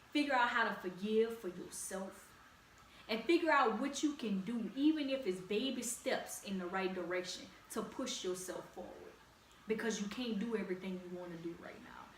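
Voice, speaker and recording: A young woman with a heavy Louisiana accent talks straight to her listeners, encouraging and casual, with plenty of slang. Her voice sits a little high for a woman. She's a bit off-mic in an echoey room with faint ambient hiss. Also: far from the mic. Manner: direct, encouraging, conversational with slang. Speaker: podcast host. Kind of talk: casual solo podcast talk.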